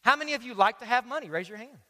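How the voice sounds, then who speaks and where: High-voiced energetic pastor in a reverberant hall. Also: male voice, racing. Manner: energetic, joking, talks straight to the crowd. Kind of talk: sermon. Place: large church auditorium. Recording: live sermon with long hall reverb.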